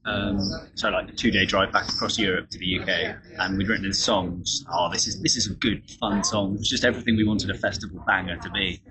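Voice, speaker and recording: A soft-spoken British band member answers in a lowish voice and chuckles now and then. Heavy crowd chatter from a large festival room fills the background. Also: male voice, steady tone, a little fast, few pauses. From United Kingdom. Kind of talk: interview answers. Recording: noisy crowd in big room.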